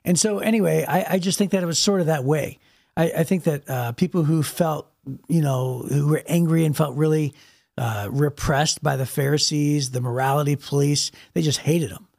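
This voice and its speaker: A man's voice: a little high, moderate pace, gravelly, darkish tone. A man from Ohio, a pastor, telling stories in a casual chat with lots of restarts and repeated words. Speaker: pastor and podcast co-host.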